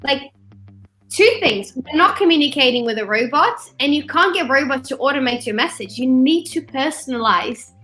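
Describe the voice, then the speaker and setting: Chatty webinar host, woman, high voice, acts out quotes, video call mic. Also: expressive, normal speed, a bit bright. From not from Australia; studied there. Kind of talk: casual webinar talk.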